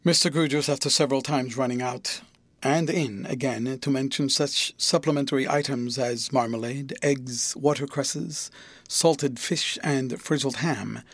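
A man's voice: medium pitch, steady tone, measured pace, fairly bright tone, dry recording. Man narrating a classic novel, close and dry. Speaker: audiobook narrator. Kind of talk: scripted narration.

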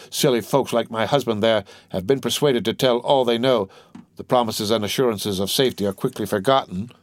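A man voicing a sickly, suspicious older woman who scolds in a sharp, mistrustful way. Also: mid-range voice, no room sound, studio quality, lightly acted. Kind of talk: audiobook character reading.

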